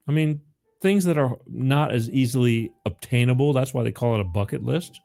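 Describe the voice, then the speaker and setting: A middle-aged man hosts a casual call-in show and rambles in a loose, chatty way. His voice sits in an ordinary middle pitch. Faint music plays softly underneath. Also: brisk, creaky. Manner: rambling, chatty, laughs often, repeats phone number. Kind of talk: casual call-in radio chat.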